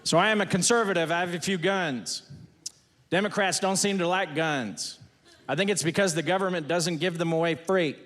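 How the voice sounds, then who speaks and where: A man works a stand-up set in a high, bright-pitched voice, rattling off folksy one-liners. His voice rings out in a long hall reverb. Faint noise sits under the recording. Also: moderate pace. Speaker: stand-up comedian. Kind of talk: stand-up routine. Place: stage before a laughing audience.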